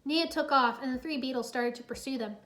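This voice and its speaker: High-voiced woman reading a storybook. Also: fairly quick. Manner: lively, expressive reading. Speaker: narrator. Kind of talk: storybook read-aloud.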